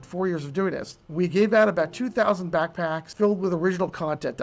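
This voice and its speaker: Earnest middle-aged man recounting loss. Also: vocal fry. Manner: earnest, halting, voice dropping low and soft at painful moments. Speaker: bereaved father and charity founder. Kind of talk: emotional personal storytelling.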